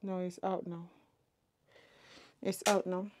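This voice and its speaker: A woman talks through her makeup routine, half to her viewers and half to herself. Her voice is soft and warm, and she sits close to the camera at home. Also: lowish voice, flat delivery, slow. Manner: chatty, muttering to herself while doing makeup. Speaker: beauty vlogger. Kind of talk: get-ready-with-me makeup chat.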